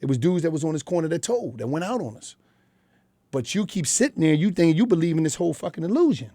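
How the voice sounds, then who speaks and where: Middle-aged Philadelphia man, rapid blunt talker, dry studio sound. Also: a little high, very animated, dark tone, dry recording. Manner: blunt, profane street storytelling. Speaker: guest. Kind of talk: candid interview talk. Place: radio studio.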